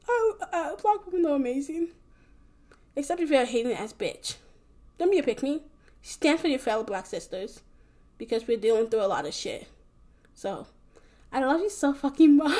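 High-voiced young woman, profane and rambling. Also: normal speed, fairly bright tone. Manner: rambling, profane and emphatic, with frequent restarts. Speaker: podcast host. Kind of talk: casual solo podcast monologue.

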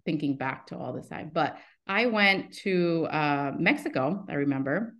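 Low-voiced woman telling a rambling story. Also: expressive, unhurried, a bit bright. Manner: rambling, self-interrupting storytelling; acts out quoted dialogue in her stories. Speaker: guest. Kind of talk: casual interview chat.

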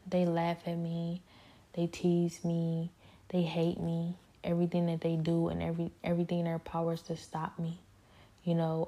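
A woman's voice: fairly low pitch, dark tone. A woman giving an earnest, repetitive personal testimony, often dropping into a whisper. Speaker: speaker sharing a personal spiritual struggle.

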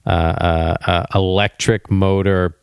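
Canadian guy hosting a podcast, smooth voice, telling travel stories, lots of restarts. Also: low-pitched, takes it slowly, no room sound, studio quality. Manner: rambling, animated anecdote-telling with frequent restarts. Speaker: podcast host. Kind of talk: casual travel storytelling.

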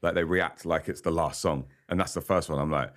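A man's voice: very deep voice, steady tone, brisk. A man, a podcast guest chatting casually in a studio, rambling and laughing often. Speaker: podcast guest, singer-songwriter. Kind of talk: casual interview chat.

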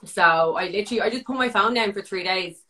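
A young Irish woman, animated and a guest on a podcast, tells her story in a fast, loose, casual chat. She leans heavily on "like" and swears freely, speaking at a mid-range pitch for a woman.

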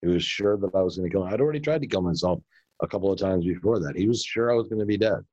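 A man's voice: low-pitched, rapid-fire, a little mellow, lo-fi sound. A man in an interview, frankly telling a personal story in a plainspoken way, often correcting himself mid-sentence. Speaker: guest.

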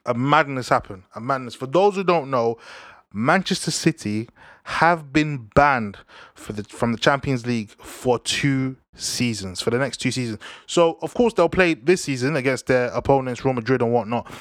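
A man's voice: medium pitch, normal speed, no room sound. Slangy young London man, dry sound. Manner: slangy, repetitive, preachy. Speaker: podcast host. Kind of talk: casual news and football chat.

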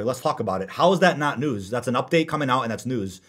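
A man hosting a casual podcast, reading out viewer comments and answering them in a lively way. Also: mid-range voice, soft background music. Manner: fast, animated, reads viewer comments aloud. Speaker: podcast host.

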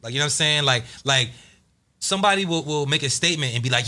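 Male podcast host, relaxed slangy banter, bright forceful voice, slightly high. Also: fast talker. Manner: laid-back slangy banter, laughs often. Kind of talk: casual chat.

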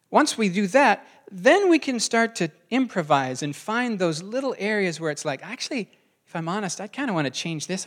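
A man's voice: a little high, fairly bright tone. A man preaching a sermon in a conversational way, often asking the congregation questions. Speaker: pastor.

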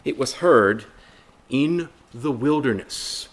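A man's voice: medium pitch, animated, takes it slowly. A man preaching a Bible study sermon in an earnest way, asking rhetorical questions, repeating phrases and calling listeners brothers and sisters.

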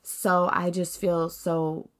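Woman, low voice, podcast host, rambling faith-based chat, lots of fillers. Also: little pitch movement, slow pace. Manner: rambling, filler-heavy, earnest. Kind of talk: casual faith-based reflection.

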